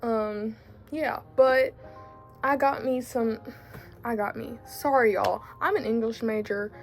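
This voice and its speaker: A woman's voice: on the high side, takes it slowly, soft background music. Chatty teen girl with a country twang. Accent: Southern US country. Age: late teens. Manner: chatty, rambling, many fillers and self-corrections. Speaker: book vlogger. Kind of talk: casual chat.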